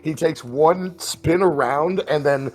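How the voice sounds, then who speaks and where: A man's voice: a little high, slow pace. A man running a tabletop role-playing game, narrating the scene and often laughing as he talks. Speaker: game master.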